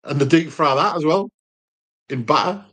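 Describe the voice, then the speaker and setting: A man's voice: on the high side, normal speed, a bit bright. A man co-hosting a casual home live chat about food, chatting and reading out viewer comments. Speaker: cooking channel co-host.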